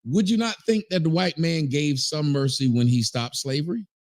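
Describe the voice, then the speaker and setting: A man's voice: on the high side, normal speed, a little mellow, no room sound. A man in a debate discussion, speaking emphatically and asking pointed questions. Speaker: debate participant.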